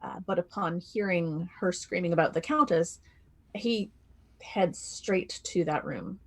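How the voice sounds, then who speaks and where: A man playing a tabletop game, describing his character in a relaxed, hesitant way. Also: high-pitched, a little slow. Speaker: player.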